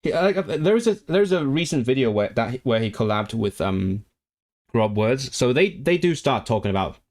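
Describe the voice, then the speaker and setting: A man's voice: mid-range voice, sing-song, moderate pace, darkish tone. A man from Hong Kong hosting a language livestream, reading viewer comments aloud and rambling through his replies with many restarts. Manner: rambling, self-correcting, reads viewer comments aloud and responds animatedly.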